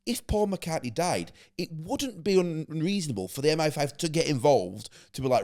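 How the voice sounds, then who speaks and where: A man co-hosting a podcast in casual chat, excitable and often restarting his sentences. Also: on the high side, fairly quick, few pauses. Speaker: podcast co-host.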